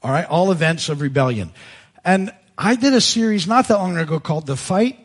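Husky-voiced male pastor. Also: a little high, expressive, a little fast. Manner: emphatic, informal, frequent restarts. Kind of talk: conversational sermon teaching.

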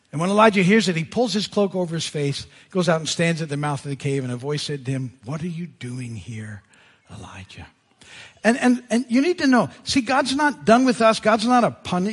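A man preaching to his church, retelling scripture with lively asides. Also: high voice. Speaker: pastor. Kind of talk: sermon. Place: church sanctuary.

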